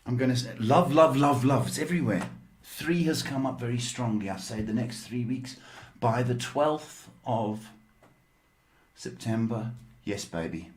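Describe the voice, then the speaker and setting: A man's voice: mid-range voice, unhurried, slight background noise. A man hosts a psychic reading stream, chatty and teasing as he answers listeners. He takes his time over every word. His voice bounces around an echoey room. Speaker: psychic tarot reader and host.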